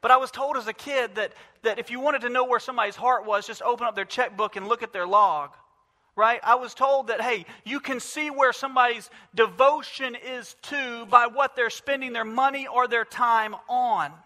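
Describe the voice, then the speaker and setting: A man's voice: very high-pitched, moderate pace, sharp tone, long reverb tail. A male pastor preaching a sermon, emphatic, with repeated phrases and rhetorical questions.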